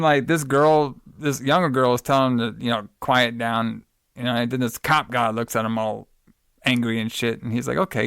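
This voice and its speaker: A man's voice: medium pitch, gravelly, a bit bright, clean tone, no room sound, studio quality. A man co-hosting a podcast, recapping a movie in rambling casual chat, cursing, laughing and saying bro. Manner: rambling, profane, laughs often, calls people bro. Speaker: podcast co-host.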